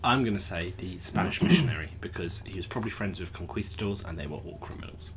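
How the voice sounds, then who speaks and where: A man co-hosting a casual comedy podcast, joking and riffing with friends in quick put-on voices. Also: low-pitched, expressive, noisy background. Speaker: podcast co-host.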